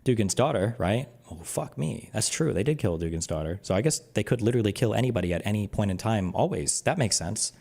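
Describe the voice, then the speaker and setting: A man's voice: lowish voice, animated, fast talker, vocal fry, hardly any pauses, darkish tone. A man streaming a reaction, talking casually in a sarcastic, profane way and laughing at the clip.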